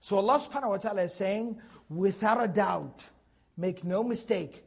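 A man teaching a Quran commentary lesson to a class, animated and joking with his students, repeating words for emphasis. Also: high voice, moderate pace, vocal fry, husky.

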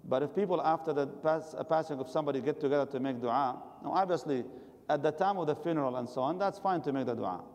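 A man's voice: on the high side, fast, a little mellow, big-room sound. A man giving a religious lecture and answering questions from the audience, advising his listeners directly. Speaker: religious teacher.

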